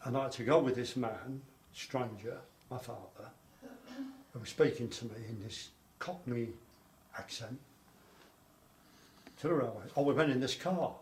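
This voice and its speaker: Speaking a little slowly and pausing at length, an older man with a mid-range voice is interviewed about his childhood during the war. His oral history account rambles and repeats. The room is echoey, with faint noise in the background.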